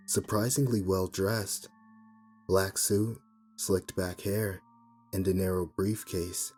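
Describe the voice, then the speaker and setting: Low, husky male horror narrator. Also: darkish tone. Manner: measured storytelling with voiced dialogue. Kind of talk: scripted first-person horror narration. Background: faint music.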